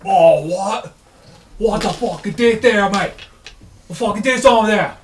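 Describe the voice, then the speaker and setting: A man's voice: sits high, unhurried, a little hiss or hum, pitched above the performer's own voice. A man voicing rowdy, mocking barbarian raiders in a put-on British accent. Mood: jeering. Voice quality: loud jeering cockney-style slang. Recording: roomy far-off mic.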